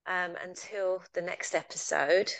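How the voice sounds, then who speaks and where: Low gravelly-voiced woman. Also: steady tone, measured pace, no room sound. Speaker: podcast co-host. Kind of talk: casual chat.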